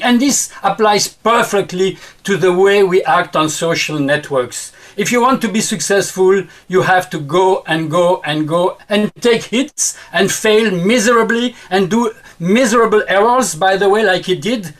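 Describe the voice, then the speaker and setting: A man's voice: sits high, normal speed, few pauses, a bit bright. A man speaking as a panel guest, emphatic and repeating words for stress.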